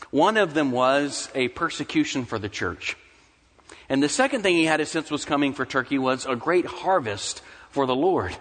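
Impassioned preacher in a reverberant hall. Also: male voice, fairly high pitch, a bit bright. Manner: impassioned, rising to anguished cries in quoted prayers. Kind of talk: sermon.

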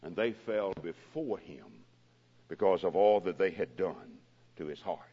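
Low-voiced man preaching in a reverberant hall. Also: a little slow, slightly rough. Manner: dramatic swells and drops in pitch and loudness. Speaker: pastor. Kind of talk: sermon. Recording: dull lo-fi recording with long hall reverb.

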